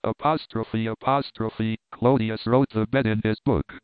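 A man's voice: fairly low pitch, fairly even intonation, measured pace, clear, resonant tone, no room sound. A man reading a classic novel aloud as narrator, giving the quoted speech in much the same voice. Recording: dry tinny phone-like sound.

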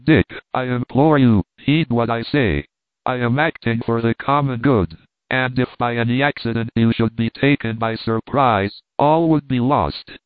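A man voicing a calm, authoritative doctor who leads an expedition and reasons deliberately. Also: medium pitch, no room sound, natural voice. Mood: measured. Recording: tinny phone-like dry sound.

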